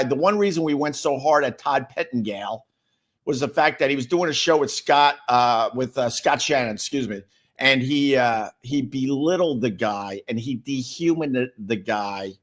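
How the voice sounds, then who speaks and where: A man's voice: medium pitch, fairly bright tone. A middle-aged man hosting a livestream, chatting casually and answering viewer comments in a rambling, sarcastic way with many repeated words. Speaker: livestream host.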